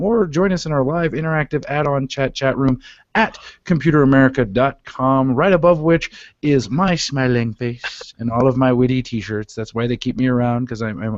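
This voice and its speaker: A man's voice: medium pitch, no room sound. A male radio host talking casually, joking and rambling with lots of fillers and restarts in a studio. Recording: dull, dry studio sound.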